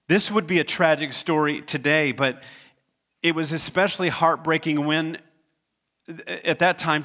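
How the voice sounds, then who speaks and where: A man's voice: fairly high pitch, fairly bright tone. A man preaching a sermon as pastor. He retells a scripture story in his own conversational words, earnest and stumbling now and then over repeated words.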